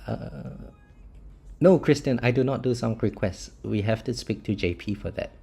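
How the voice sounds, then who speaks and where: A young man with a mild Singaporean English accent, speaking in a low, gravelly, husky voice. He chats loosely with his live-stream viewers, restarting words and laughing softly as he answers them. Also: normal speed. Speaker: live-streamer of a mobile tower-defense game.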